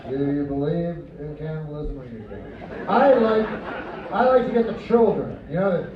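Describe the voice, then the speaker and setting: Deadpan male comic, high voice, roomy club. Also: normal speed, far from the mic. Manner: deadpan, rambling asides with mock-earnest quoted voices. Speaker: stand-up comedian. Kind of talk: stand-up comedy set. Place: comedy club stage before a live audience. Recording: roomy, muffled club recording from afar. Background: audience laughter and crowd noise.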